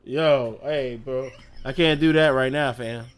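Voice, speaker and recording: A man's voice: medium pitch, unhurried. A man streaming live, reacting to clips in casual, slangy chat and laughing often.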